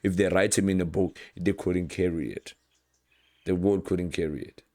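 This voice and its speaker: Deep-voiced man preaching an animated sermon. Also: moderate pace, no echo, clean studio sound. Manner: animated, acts out Bible scenes with quoted voices, repeats words. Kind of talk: informal sermon.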